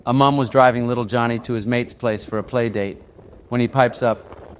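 Male joke narrator, mid pitch, slangy delivery. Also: fairly even intonation, clear, resonant tone. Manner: brisk, slangy storytelling.

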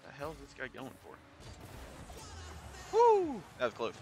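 A man giving casual commentary on his own gameplay. He thinks aloud in a chatty way and jumps into excited high yelps. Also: very fast, gravelly, soft background music. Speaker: YouTuber.

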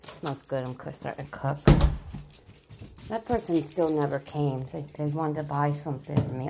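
A woman's voice: low-pitched, moderate pace, creaky, very noisy. A woman chatting casually in a rambling, repetitive way while walking her dog and cooking, now and then baby-talking to the dog. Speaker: vlogger.

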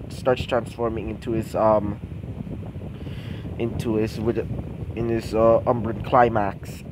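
Male fan-fiction narrator, slow and hesitant, mellow tone, constant ums and restarts. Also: medium pitch, a little hiss or hum, rough recording.

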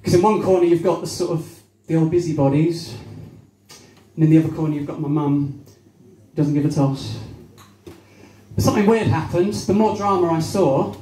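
A man's voice: a little high, normal speed, mellow. A young man from Devon doing a stand-up comedy set at a small cafe-bar, chatting with the crowd and acting out voices. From Devon, England. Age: young adult. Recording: roomy venue with faint crowd noise.

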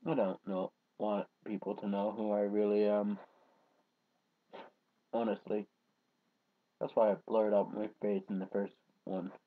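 Slow, mumbling guy on a dull lo-fi recording. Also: lowish voice, flat delivery. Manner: trails off into mumbles, then rants loudly. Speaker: vlogger. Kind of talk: casual rambling vlog.

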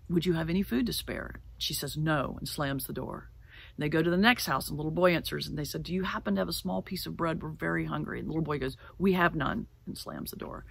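A middle-aged woman pastor giving a sermon, telling a folk tale in an animated way and slowing down to stress key words. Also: sits low, vocal fry. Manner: animated storyteller, slows for emphasis. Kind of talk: sermon with storytelling. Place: church sanctuary.

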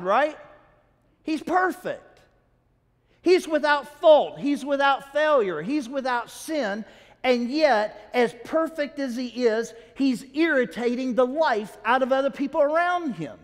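A male pastor preaching a sermon in a church, talking to the congregation in a conversational way and asking them questions. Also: very high voice. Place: church sanctuary. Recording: long hall reverb.

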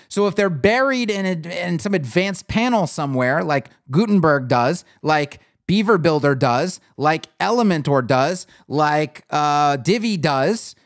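A man's voice: sits high, dry recording, studio quality. A man hosting a live web design show, thinking aloud in a blunt, opinionated way as he clicks through a builder on screen. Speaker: web design livestream host. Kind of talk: live screen-share tutorial and critique.

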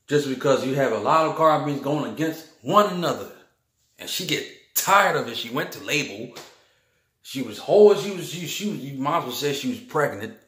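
A man's voice: mid-range voice, fairly bright tone, echoey room. A man, rambling through a heated spiritual monologue, repeating himself and ending his lines with "man". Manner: heated, repetitive, keeps saying "man" and "bull crap".

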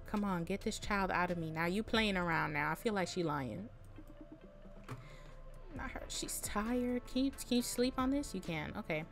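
A woman giving expressive, chatty game commentary, full of casual slang, quick exclamations and laughter. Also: medium pitch. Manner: casual slang-heavy talk. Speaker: gaming content creator. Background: faint background music.

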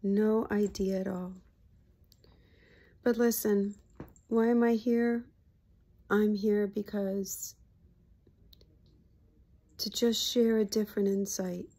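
A woman hypnotherapist talks through a spiritual reflection in a breathy, mellow voice. She speaks slowly on a flat, even line, soft-spoken and heartfelt, now and then dropping to a hush. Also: mid-range voice. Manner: soft-spoken, heartfelt, drifting into hushed murmurs. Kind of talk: casual spiritual reflection to camera.

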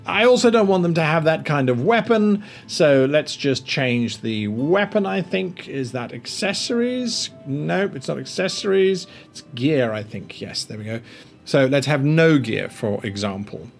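Animated man teaching tabletop game mastering. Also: fairly high pitch, a little slow, gravelly, soft background music. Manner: animated, rambling, thinks aloud with many restarts. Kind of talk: tabletop roleplaying tutorial.

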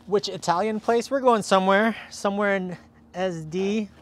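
A man's voice: sits high, normal speed, fairly bright tone. Man, livestream host, casual chat, upbeat, out of breath, thanking viewers. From Southern California. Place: outdoors in cold weather.

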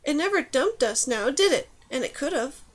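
A woman voicing a spirited, brave young girl archer in a lifted, brighter voice. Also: high voice, animated, moderate pace.

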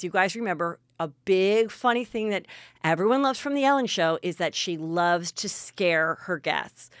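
A woman's voice: mid-range voice, a bit bright, no room sound, studio quality. A woman hosting a podcast, telling stories in casual gossip chat and acting out what people said. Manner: chatty storyteller, acting out quotes. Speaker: podcast host.

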